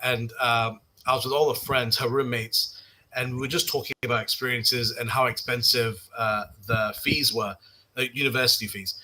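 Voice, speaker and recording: A young man on a podcast, telling personal stories in a casual chat, halting and self-mocking with many restarts. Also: medium pitch, fairly even intonation, pushed and bright, a little hiss or hum, rough recording. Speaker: podcast guest.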